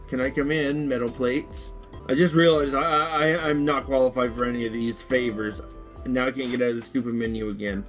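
A man giving casual gameplay commentary as a YouTuber, excitable, jokey and easily frustrated. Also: medium pitch, gravelly. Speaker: gaming YouTuber.

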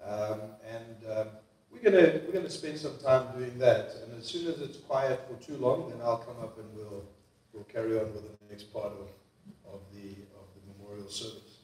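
A man hosting a memorial service, speaking softly and haltingly with many pauses and fillers. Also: mid-range voice. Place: church hall. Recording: echoey church hall, voice from far off.

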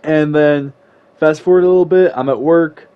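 A man's voice: a little high, normal speed, clear, resonant tone. Slangy young man telling a story. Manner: slangy, rambling, with sudden exasperated outbursts. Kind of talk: casual story time. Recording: slightly muffled lo-fi recording.

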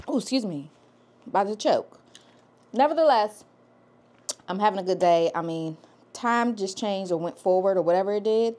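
A woman's voice: medium pitch, darkish tone. A woman loctician casually walking viewers through a hair install and checking in with them as she goes. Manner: chatty, talks straight to viewers with "okay?" tags. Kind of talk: casual hair tutorial vlog.

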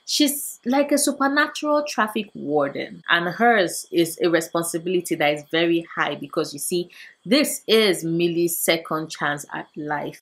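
A woman book vlogger from Nigeria, chatting casually through book recommendations with animated asides. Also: fairly low pitch, low-quality recording.

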